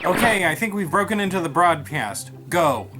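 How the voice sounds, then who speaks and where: A man's voice: fairly high pitch, soft background music. A man playing a curt, exasperated straight man. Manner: curt, deadpan, hurried. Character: exasperated, impatient man on a pirate broadcast.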